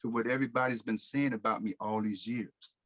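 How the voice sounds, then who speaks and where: A middle-aged American man telling his life story in a podcast interview, lively, with casual slang and acted-out quotes. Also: fairly low pitch, a little fast, dry recording, muffled recording. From United States. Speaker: guest speaker.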